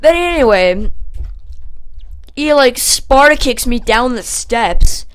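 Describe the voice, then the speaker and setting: A young man telling a casual storytime vlog, rambling with lots of fillers and growing animated as he retells the story. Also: extremely high pitch, slow pace, smooth. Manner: animated when retelling the fight. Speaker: channel host.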